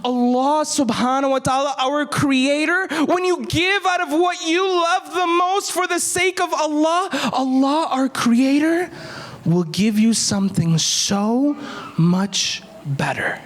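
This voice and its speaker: A gentle, patient mother speaks lovingly to her son, as a man voices her in his story. Her voice is high and unhurried. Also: fairly even intonation.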